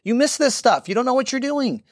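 A man co-hosting a business podcast, giving brisk, insistent advice. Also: very high-pitched, lively intonation, dry recording, clean studio sound. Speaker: podcast co-host, business lawyer. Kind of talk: casual podcast chat.

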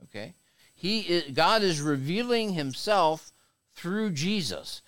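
A man's voice: sits high, expressive, takes it slowly, fairly bright tone. A man giving a sermon as a bishop, preaching with call-and-response to his congregation.

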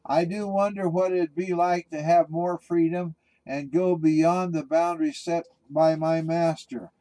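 An earnest, loyal male German shepherd, played by a man with a plain, sincere way of speaking. The tone is warm and mellow, a little high. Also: fairly even intonation, a little slow, no room sound, close to an everyday voice, low-quality recording.

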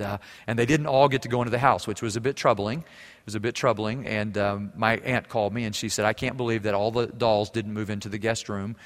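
A middle-aged man preaching a sermon as pastor, telling stories with lively humor and ending in prayer. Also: lowish voice, in a large hall. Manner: storytelling, lively, warm humor.

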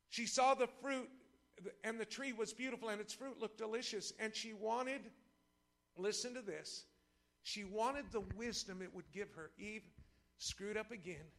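A man preaching a sermon in church, impassioned and playful with the congregation, swinging from shouts to hushed lows. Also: measured pace, gravelly, long pauses. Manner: impassioned, rising to shouts, then dropping low. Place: church service before a congregation.

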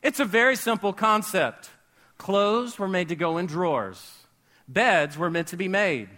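High, bright-voiced preacher man. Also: measured pace. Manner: animated, rising to shouts at key words; conversational and joking, asking the audience questions. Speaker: pastor. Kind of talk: sermon. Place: church with a live audience.

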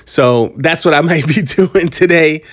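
A fairly high-voiced man rambling through a solo podcast with hyped, joking energy. His voice sounds a little worn from allergies. The recording is muffled and lo-fi, as if from a home setup. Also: a little slow. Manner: animated, joking, hype. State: allergies, voice a bit strained. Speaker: podcast host. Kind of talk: casual solo podcast monologue.

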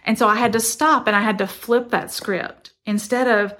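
A woman's voice: fairly high pitch, fairly even intonation, moderate pace, few pauses, fairly bright tone. A middle-aged woman, earnestly telling a personal story in a reflective, conversational way. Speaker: motivational speaker.

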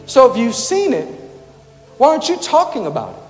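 A man preaching in a very high voice, impassioned and often shouting as he fires off rhetorical questions. His words ring out with a long reverb through a big hall. Music plays softly underneath. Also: wildly swooping pitch, fairly quick. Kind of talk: sermon.

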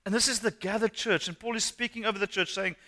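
A male pastor preaching a sermon, animated and asking the congregation questions. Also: sits high, quick pace. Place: church hall. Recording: long hall reverb.

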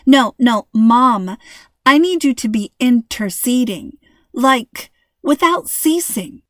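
A woman's voice: on the high side, expressive, takes it slowly, no room sound, studio quality. A woman voicing a wry, impatient teenage girl in a storybook reading, with a sarcastic, teasing manner.

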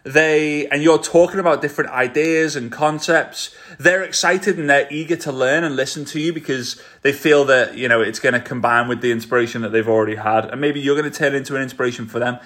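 An energetic man with a Scouse accent hosts his solo podcast, talking right to his listeners. His delivery is motivational and direct, in a mid-range voice. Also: medium pitch, a little fast, few pauses. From England. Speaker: podcast host.

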